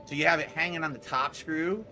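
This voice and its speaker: A man's voice: on the high side, fairly quick, a crowd in the background. A man livestreaming from his room at home, chatting casually with his viewers and thinking aloud as he works on a task with his hands. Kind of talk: casual live-stream chat. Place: home room with foam soundproofing on the wall.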